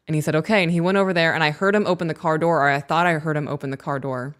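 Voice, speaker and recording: A woman co-hosting a podcast, chatting casually and telling family stories in an animated way. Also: low-pitched, quick pace. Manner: chatty storyteller, animated retelling. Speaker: podcast co-host. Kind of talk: casual chat.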